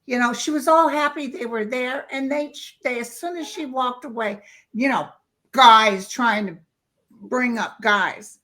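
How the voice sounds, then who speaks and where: A woman guest telling stories in casual chat, lively and acting out the voices of people she quotes. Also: a little high, unhurried. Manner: lively storyteller who acts out quoted voices.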